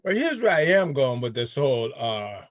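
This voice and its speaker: A man hosting a casual talk show, riffing in an animated way with frequent restarts. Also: mid-range voice, moderate pace, no echo, clean studio sound. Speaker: show host. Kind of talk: casual chat.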